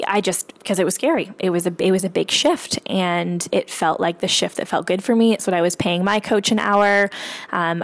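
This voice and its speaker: Gravelly, candid woman coach. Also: fairly low pitch. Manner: candid, swears freely, lots of fillers. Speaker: author and coach. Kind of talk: casual storytelling talk.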